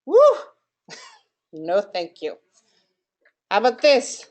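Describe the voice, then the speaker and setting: A woman's voice: medium pitch, sing-song, slow, darkish tone. A woman giving a live marketing workshop in a room with an audience, quizzing listeners and asking them for answers as she goes. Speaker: marketing presenter.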